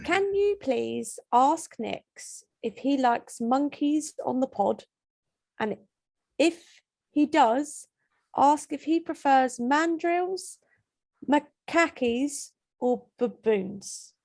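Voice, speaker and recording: A woman's voice: high-pitched, expressive, very slow, vocal fry, a little mellow. A woman co-hosting a podcast, reading out listener questions in a teasing, casual way. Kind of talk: casual chat.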